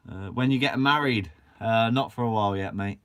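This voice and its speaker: A man's voice: on the low side, brisk, a bit bright, clean tone. A young man from Guernsey, hosting a fishing channel and answering live chat in a chatty, upbeat way with casual swearing. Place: shed.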